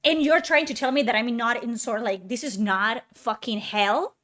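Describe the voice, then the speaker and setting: A woman's voice: a little high, normal speed, a bit bright. A woman ranting through a reaction video, sarcastic, incredulous and full of swearing. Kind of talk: exasperated ranting commentary.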